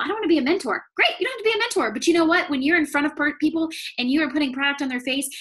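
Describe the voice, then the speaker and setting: Bright, emphatic woman team leader. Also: high voice. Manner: energetic, emphatic, repeats phrases for effect. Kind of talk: motivational team talk.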